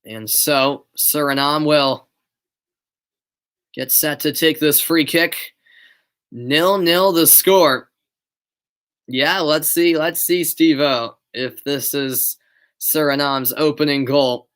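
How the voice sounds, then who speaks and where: A young man in his late teens from the Boston area, with a light Boston accent, calls live play-by-play of a soccer match on a stream as an amateur commentator. He's animated on the action but relaxed and hesitant between plays, chatting casually with viewers and answering their messages with fillers. His voice is fairly high, smooth and slow, with frequent pauses.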